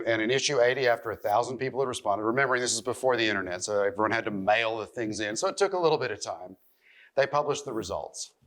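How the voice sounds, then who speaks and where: Low-voiced man explaining at a seminar. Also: a bit bright. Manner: measured, explanatory, occasional "uh" and "like". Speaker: magazine editor presenting a seminar. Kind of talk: live seminar talk to an audience. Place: convention seminar room.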